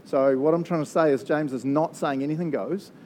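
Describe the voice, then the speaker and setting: A man's voice: a little high, steady tone, brisk, darkish tone, slight background noise. A man with a New Zealand accent preaching a casual, conversational sermon, chatty and joking, often laughing at his own asides. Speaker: pastor.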